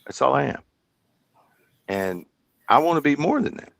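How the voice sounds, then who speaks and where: As a podcast guest, this fifty-something man from Kentucky, a comedian and hypnotist, tells chatty, rambling stories in a casual interview. His mid-range voice is sing-song with vocal fry, at a moderate pace with no room sound.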